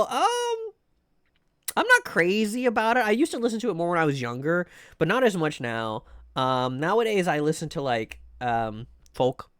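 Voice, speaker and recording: A man's voice: on the high side, no room sound, studio quality. A man streaming live, chatting casually with viewers in a rambling way, full of fillers and restarts. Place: home room.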